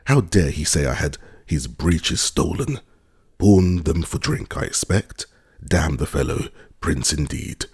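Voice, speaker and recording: A sulking, insulted country gentleman, read by a man in an audiobook, muttering curses in a very deep, gravelly, husky voice. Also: big pitch swings, unhurried, heavily acted. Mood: indignant.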